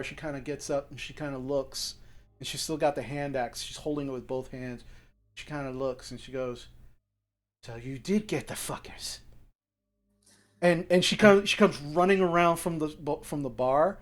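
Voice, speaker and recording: A man narrating a tabletop game as game master, halting, with many fillers and restarts. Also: on the high side.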